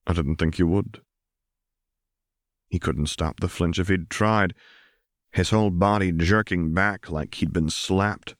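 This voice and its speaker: Male audiobook narrator, very low and level, steady read, dry studio sound. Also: no echo. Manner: steady, even storytelling read. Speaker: audiobook reader. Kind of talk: scripted narration.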